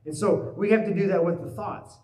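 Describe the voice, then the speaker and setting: Animated pastor with a higher voice in an echoey church. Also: male voice, a little fast. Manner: animated storytelling, acts out worried voices. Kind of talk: sermon. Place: church sanctuary. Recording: echoey church hall, mic at a distance.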